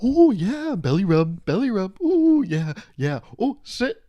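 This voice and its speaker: A man's voice: big pitch swings, takes it slowly, mellow, dry recording, highs cut off, full character voice. A man putting on a squealing baby-talk voice. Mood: gushing baby talk. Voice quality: sing-song high baby voice. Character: condescending dog owner's friend, baby-talking adult man.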